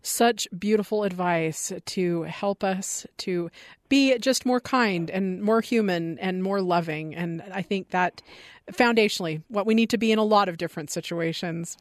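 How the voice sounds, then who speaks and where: A woman's voice: medium pitch, normal speed, no echo, clean studio sound. A woman radio host, earnest and thankful as she wraps up an interview and introduces the next segment. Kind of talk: radio hosting.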